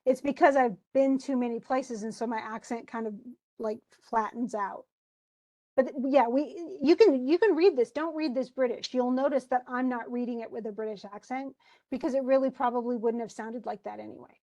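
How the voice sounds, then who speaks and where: American woman teacher, lively chatty lecturer, voice a touch high. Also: normal speed. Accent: General American. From United States. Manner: animated, chatty explaining with casual asides. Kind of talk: classroom lecture on a play.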